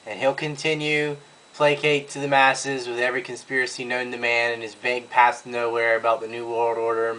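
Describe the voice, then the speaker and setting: A man with a medium-pitched voice tears into his subject in a blunt, scornful rant. He delivers crude insults in a mocking commentary style. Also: fairly bright tone, poor audio. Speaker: video commentator.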